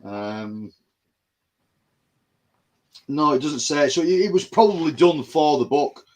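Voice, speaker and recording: A man's voice: a little high, expressive, takes it slowly, darkish tone. Chatty man. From North West England. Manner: chatty, rambling with many ums. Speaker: podcast co-host. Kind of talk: casual chat.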